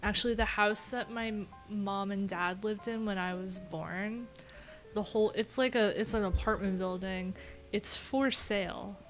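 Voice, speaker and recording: Streamer, woman, nasal voice, candid rambling chat at home, mid pitch, faint music behind. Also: fairly even intonation, unhurried. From New York. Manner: candid and rambling, casual swearing. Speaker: livestreamer. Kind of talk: casual livestream chat. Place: home room.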